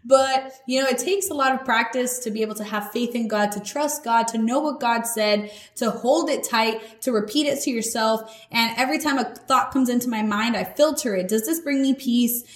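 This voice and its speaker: A woman's voice: a little high, normal speed, hardly any pauses. Earnest woman teaching faith casually. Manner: earnest, conversational, slangy. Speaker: podcast host. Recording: echoey room.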